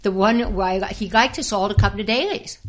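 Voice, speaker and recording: An older woman, a former actress and dancer, telling lively anecdotes as an interview guest and acting out the people she quotes. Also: medium pitch, moderate pace. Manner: lively storyteller who acts out quoted voices and laughs often. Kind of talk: casual anecdotal storytelling.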